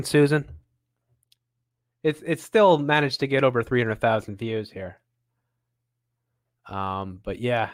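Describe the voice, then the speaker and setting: A man's voice: mid-range voice, fairly even intonation, takes it slowly, pauses often. A man hosting a show, giving sarcastic, mocking commentary on videos he plays and laughing often. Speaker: host. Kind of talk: casual commentary reacting to videos.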